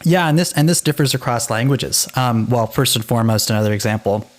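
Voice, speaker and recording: A man's voice: medium pitch, brisk. A man co-hosting a linguistics podcast, chatting animatedly with frequent restarts. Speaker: podcast co-host. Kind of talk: casual educational chat.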